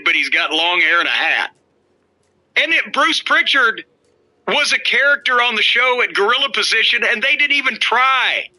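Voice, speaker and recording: A man's voice: high voice, sharp tone, rough recording. A middle-aged man hosting a podcast, telling wrestling stories in a blunt, profane, mocking way. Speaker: podcast host, former wrestling worker. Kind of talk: casual storytelling chat.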